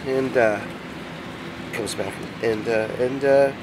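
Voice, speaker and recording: A man's voice: medium pitch, fairly even intonation, slow. A man telling jokes in an easygoing, drawling way, outdoors by the water. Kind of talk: joke telling. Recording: noisy outdoor recording.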